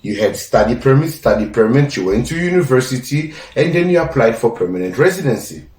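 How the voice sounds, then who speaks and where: A young South African man hosts his own podcast, delivering a casual opinion monologue in an emphatic, lecturing way that repeats his points. His medium-pitched voice is very animated, brisk, and a little mellow. The sound is roomy and distant.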